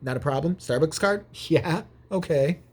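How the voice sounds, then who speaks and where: A man's voice: on the high side, measured pace, breathy edge. A man vlogging, telling a rambling, profane, jokey story in casual chat.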